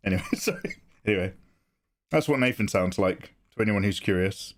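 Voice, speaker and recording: A man's voice: fairly low pitch, expressive, brisk. Joking man streaming. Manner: joking, laughs between lines, self-mocking. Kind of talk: casual live-stream chat while drawing.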